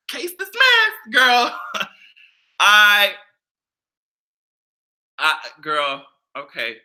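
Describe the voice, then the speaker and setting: A man with a slightly high voice offers casual pop culture commentary while reacting to a live chat. He's loud and profane, often breaking into laughter and shrieks.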